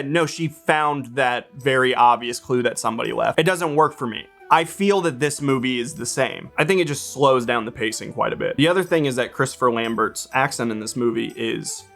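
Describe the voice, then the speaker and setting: A man talks through a movie review in a relaxed vlog style, dry and joking, with the odd swear. His voice sits in a middle pitch. Faint music plays underneath. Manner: wry and joking, with casual swearing. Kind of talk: casual vlog commentary.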